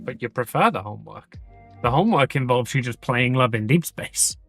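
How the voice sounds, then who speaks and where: A man's voice: mid-range voice, expressive, fairly quick, gravelly, fairly bright tone. Teasing, foul-mouthed man streamer. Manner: teasing, swears casually. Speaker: streamer host. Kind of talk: casual stream chat. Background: faint lo-fi music.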